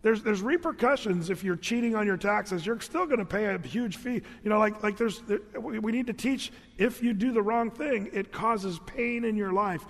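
Brief: male pastor, lighter high voice, lively conversational sermon with humorous asides, long hall reverb. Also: normal speed, hardly any pauses. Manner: animated, conversational, joking asides. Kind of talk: storytelling sermon.

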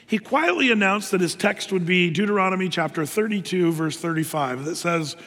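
A man's voice: high voice, lively intonation, a little fast, fairly bright tone. A man preaching a sermon in a loose, conversational way, full of fillers and restarts. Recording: long hall reverb.

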